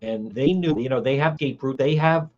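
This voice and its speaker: A man's voice: medium pitch, normal speed, a little mellow, muffled recording. A man hosting a livestreamed political commentary show, talking in a heated, indignant way and repeating his points. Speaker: talk show host.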